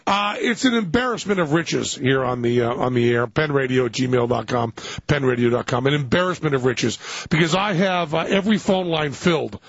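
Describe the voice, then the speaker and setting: A man's voice: mid-range voice, expressive, normal speed, few pauses, husky, no room sound. A man hosting a radio talk show, teasing and joking with a caller. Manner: teasing, wisecracking. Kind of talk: joking call-in radio chat. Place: radio studio. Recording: dull radio broadcast with loud noise.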